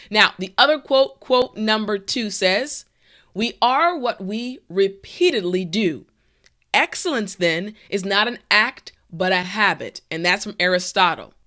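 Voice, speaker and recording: A woman teaching an online English lesson, speaking with confidence and encouragement, often checking in with "okay?" and "right?". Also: mid-range voice. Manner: confident, animated delivery.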